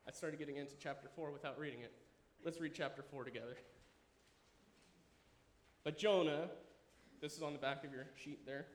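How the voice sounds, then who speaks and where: A man in his thirties preaching a sermon, animated and enthusiastic, dropping at times to a quiet, earnest tone. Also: fairly high pitch, normal speed, a little hiss or hum. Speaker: pastor. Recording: echoey room with faint ambience.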